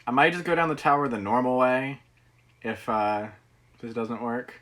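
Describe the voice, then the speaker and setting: A man's voice: medium pitch, normal speed, a bit bright, low-quality recording. A man streaming a video game, talking casually and laughing at his own mistakes. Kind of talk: casual gameplay commentary.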